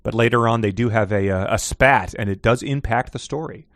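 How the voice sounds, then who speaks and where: A podcast co-host who rambles through his points, restarting and breaking into laughs. His voice is a middling male pitch, recorded dry and close. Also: brisk, fairly bright tone, dry recording. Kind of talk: casual book-club chat.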